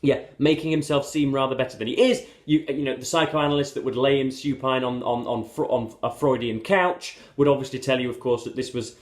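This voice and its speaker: A man's voice: medium pitch, steady tone, fairly quick, few pauses. A man reviewing books to camera in a casual, rambling way, full of hesitations and fillers yet using erudite vocabulary and wry asides to his viewers. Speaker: book reviewer. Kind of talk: casual book commentary to camera. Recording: roomy echo.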